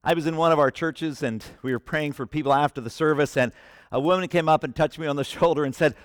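A man preaching a sermon with passion, swinging from hushed lines to shouting. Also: a little high, fast, no room sound, clean studio sound.

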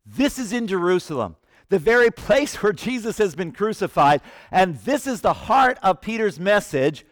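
A man preaching a sermon with passion, swinging from hushed lines to shouting. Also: sits high, big pitch swings, normal speed, no echo, clean studio sound.

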